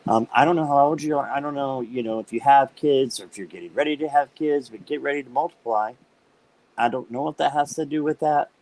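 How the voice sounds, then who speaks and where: A man's voice: mid-range voice, quick pace, few pauses, darkish tone, rough recording. Guy doing a tarot reading live, chatty and laughing a lot, talks to viewers by name, ordinary mid-range voice. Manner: chatty and upbeat, laughs often while talking. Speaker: tarot reader hosting a live stream. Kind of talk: casual live-stream chat and card reading.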